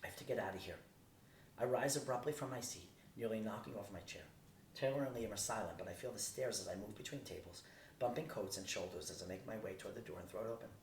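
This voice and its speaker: A man reading a first-person novel aloud in a steady, plain way. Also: quick pace. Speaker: audiobook reader. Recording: roomy distant recording, faint rumble.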